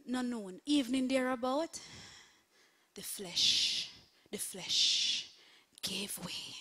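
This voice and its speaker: A woman minister preaching an online sermon, swinging from hushed whispers to shouts. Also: on the high side. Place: home setup, streaming online.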